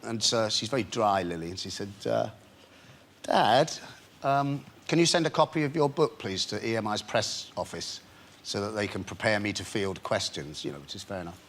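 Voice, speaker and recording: A man with a lowish voice speaks at normal speed over a faint hiss or hum. He's a chat-show guest in a television studio, telling a rowdy anecdote with animation, laughing through it and acting out the scene.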